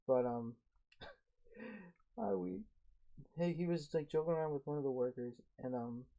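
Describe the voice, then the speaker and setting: A quiet young man co-hosting a podcast, telling a work story in a hesitant casual way. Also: fairly high pitch, unhurried, gravelly. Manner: quiet, soft-spoken, hesitant. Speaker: podcast co-host. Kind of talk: casual chat.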